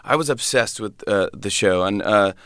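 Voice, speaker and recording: A man, a comedian guest, telling stories in animated, casual chat with quick restarts. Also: lowish voice, clean tone, dry recording, clean studio sound.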